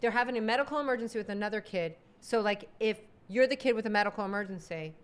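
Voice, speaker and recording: Woman, podcast co-host, casual storytelling, exasperated, smooth clear voice. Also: medium pitch, fast talker. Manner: animated, exasperated, acts out quotes.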